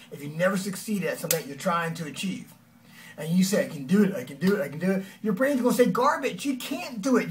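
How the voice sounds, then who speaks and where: A man giving an energetic, conversational motivational talk as a life coach, often acting out quoted lines. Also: high-pitched, recorded from a distance.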